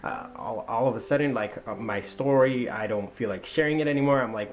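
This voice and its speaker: A young man vlogging a personal story, excitable and acting out his own lines of dialogue. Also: mid-range voice, moderate pace, few pauses, soft background music. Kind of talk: storytelling vlog.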